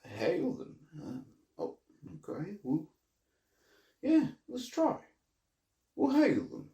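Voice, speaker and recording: A man's voice: sits high, huge pitch swings, slow, dark tone, reverberant. A man speaking hesitantly with many fillers in an amateur comedy sketch.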